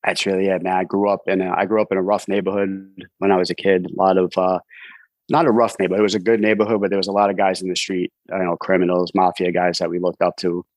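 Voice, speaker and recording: A low-pitched man with a New York accent tells his story in a flat, even tone. He rambles casually and leans on "you know" fillers. The sound is dry and close, with no room echo. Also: fast talker. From Brooklyn, New York. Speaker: podcast guest, author in recovery.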